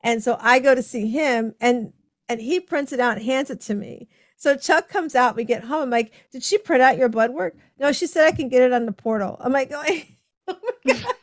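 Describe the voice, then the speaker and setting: A woman hosting a podcast conversation, animated as she tells stories and acts out the people she quotes. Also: sits high, brisk, no room sound, studio quality. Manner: animated storytelling, acting out quoted dialogue with laughs. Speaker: podcast host. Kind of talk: casual conversation.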